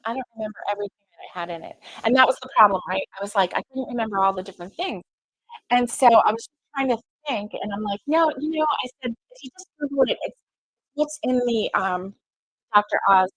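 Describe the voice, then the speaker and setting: Chatty woman, higher voice. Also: expressive, fairly quick, a bit bright, dry recording, poor audio. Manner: rambling, lots of fillers and quoted dialogue. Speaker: crochet vlogger. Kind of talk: casual storytelling chat.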